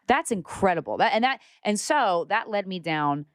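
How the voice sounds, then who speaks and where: A young woman talking as a podcast guest, animated and outspoken, with casual swearing. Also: medium pitch, normal speed, dry recording, studio quality. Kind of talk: casual conversation.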